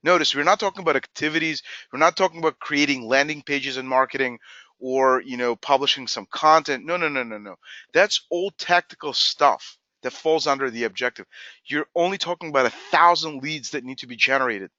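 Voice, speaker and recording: A man presenting a business webinar as a company executive, in an energetic, emphatic manner. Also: medium pitch, brisk, no echo, muffled recording. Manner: energetic, emphatic, acts out quoted dialogue.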